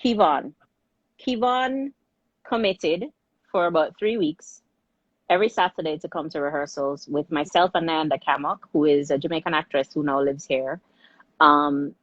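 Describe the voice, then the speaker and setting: A middle-aged woman with a low voice talks in a relaxed interview as a filmmaker guest. She tells her story with energy and often restarts mid-sentence. The recording is slightly muffled and dry. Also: moderate pace, no room sound. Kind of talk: casual interview conversation.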